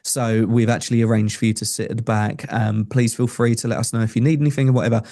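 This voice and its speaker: A man's voice: mid-range voice, flat delivery, quick pace, mellow. A young adult man, a podcast guest telling a personal story in an earnest, conversational way with frequent restarts. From England.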